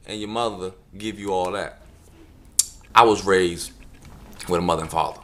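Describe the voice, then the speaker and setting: A man delivering a jokey comedic video monologue, animated storytelling with deadpan asides. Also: on the low side, moderate pace. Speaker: comedian vlogger.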